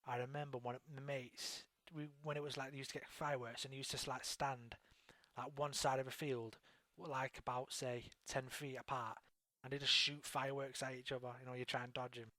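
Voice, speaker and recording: A man's voice: medium pitch, flat delivery, a little fast, sharp tone. A laid-back man from England swears his way through easy chat on a web radio show. The sound is dry and close, with no room echo. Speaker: talk show guest. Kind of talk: casual online radio chat.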